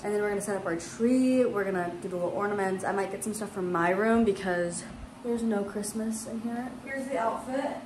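A young woman chatting quickly and brightly in a casual vlog at home. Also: mid-range voice. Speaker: vlogger. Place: home and stores. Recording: echoey room with noise.

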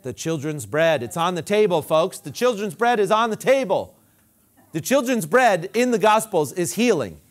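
A pastor preaching with a high, very animated voice that swoops up and down. He hammers his points home by repeating short phrases, then drops to a low, quiet voice when he quotes scripture. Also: moderate pace. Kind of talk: sermon.

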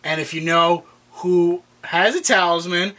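A man co-hosting a casual, excited episode recap, jumping in to finish his partner's sentences. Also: sits high, a little slow. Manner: animated, jumps in and finishes the other's sentences. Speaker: co-host.

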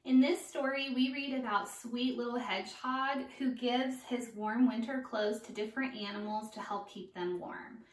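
A woman's voice: on the high side, moderate pace, hardly any pauses. A woman teacher introducing a lesson in a friendly, explaining way. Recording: echoey room, far from mic.

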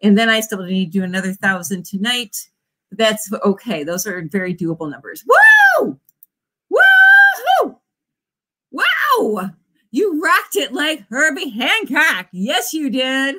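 A woman in her forties, an author, hosts a writing sprint livestream in a casual, bubbly way and often cheers her viewers on with whoops. Her voice is medium in pitch with lively intonation, a moderate pace, and a bright, forceful tone.

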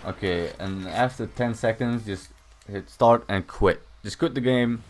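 A man's voice: lowish voice, a little slow, soft background music. A young man casually talking through a game tutorial at home, rambling and swearing often. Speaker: gaming channel host. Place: home room.

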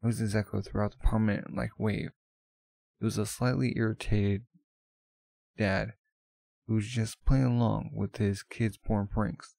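A man's voice: fairly low pitch, level tone, unhurried, creaky, pauses often, mellow, no echo. A man narrating a manga aloud in a plain, offhand way, with casual asides. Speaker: manga reader.

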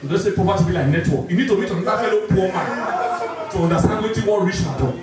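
A man with a Nigerian accent doing live stand-up comedy, bantering quickly and laughing often. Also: sits high, loud music behind the voice. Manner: rapid Pidgin-laced banter, laughing often. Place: large indoor venue with live audience. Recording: echoey hall from far off, loud crowd.

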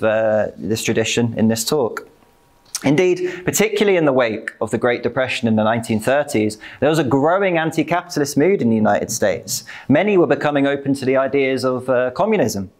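A man giving a lecture-style public talk, earnest, with frequent fillers and dry asides. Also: mid-range voice. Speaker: speaker at a political talk.

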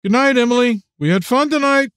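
A man's voice: extremely high pitch, a little fast, a bit bright, clean tone, no room sound, clean studio sound, pitched above the performer's own voice. A man voicing a friendly, chatty neighbor woman. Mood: cheerful.

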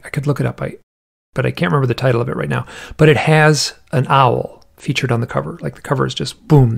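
A man's voice: medium pitch, gravelly, breathy edge. A man, an interview guest, telling a story in a casual, rambling way with lots of "like" asides, acting out the voices of the people in it. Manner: acts out the quoted voices in the story.

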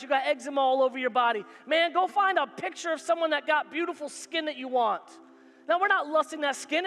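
High-voiced preaching man in echoey hall. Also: fairly bright tone. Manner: emphatic, repetitive preaching with call-and-response. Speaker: pastor. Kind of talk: sermon. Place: church sanctuary. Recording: hall reverb with faint music.

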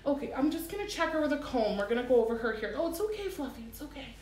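Woman playing a calm, soothing pet groomer. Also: high-pitched, racing, a little hiss or hum, voice pushed up. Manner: soothing, placating. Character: patient, friendly female pet groomer. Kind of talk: role-play. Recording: roomy echo.

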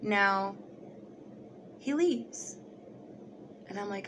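A young woman vlogger telling a personal story in a casual, animated way, swearing and acting out the other people's voices. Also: mid-range voice, measured pace, slight background noise.

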